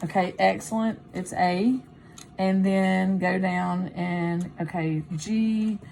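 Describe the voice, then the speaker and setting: A woman's voice: medium pitch, steady tone, takes it slowly, vocal fry, darkish tone. A woman teacher demonstrating test-taking, thinking aloud as she works through a practice test. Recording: faint background noise.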